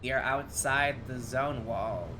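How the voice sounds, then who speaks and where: Over a noisy background, a medium-pitched man from Tennessee talks slowly to viewers while he plays a game. It's casual live-stream chat, and he rambles and gets sidetracked easily.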